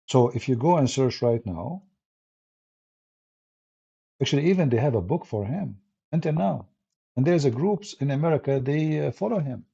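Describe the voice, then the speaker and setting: On a live stream, a Middle Eastern man with an Arabic accent argues as an apologist, emphatic and combative, his phrasing broken by restarts. His voice is medium-pitched, dark and slightly rough, and the stream audio sounds dull and lo-fi.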